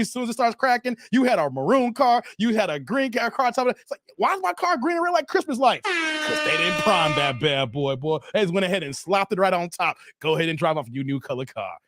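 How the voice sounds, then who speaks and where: A middle-aged man with a fairly high voice, hosting a casual livestream. He jokes loosely and chuckles as he reads out chat, calling everyone "man". The sound is close and dry, with no room around it. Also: no room sound. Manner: loose, joking, laughs often, calls viewers "man". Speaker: livestream host reading chat.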